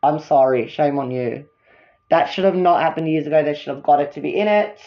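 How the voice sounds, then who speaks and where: A woman's voice: low-pitched, fairly quick, dull audio. A woman ranting as a fan vlogger, worked up, repeating herself and apologizing for getting upset. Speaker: fan vlogger ranking songs.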